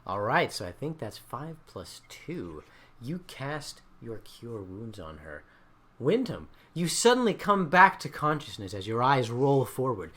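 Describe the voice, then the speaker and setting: Male dungeon master, lively, expressive narration for a live-streamed tabletop game. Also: mid-range voice, measured pace. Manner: animated, swings from hushed narration to loud excitement.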